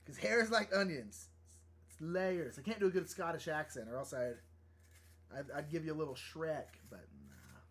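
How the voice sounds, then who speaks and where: Lively, laughing man chatting while drawing. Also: a little high, normal speed. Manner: chatty, laughing, thinking aloud. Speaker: livestream artist. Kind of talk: casual live-stream chat while drawing.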